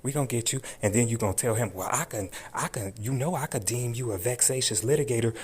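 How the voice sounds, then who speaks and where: A channel host rants through a commentary video, furious, profane and taunting, repeating his threats again and again. His medium-pitched voice is husky and darkish, and he talks quickly.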